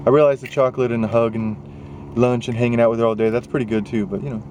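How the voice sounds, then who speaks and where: A man's voice: mid-range voice, flat delivery, racing, warm tone, a little hiss or hum. A young man talking casually in a vlog, rambling and worked up, full of fillers and asides. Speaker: vlogger. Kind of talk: casual chat. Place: partly in a car.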